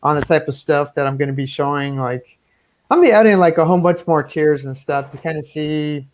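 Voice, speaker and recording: A man's voice: a little high, a little fast. A man, a guest comic artist, chatting casually over a video call, rambling with many fillers and restarts. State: voice cracking from talking. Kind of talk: casual interview chat.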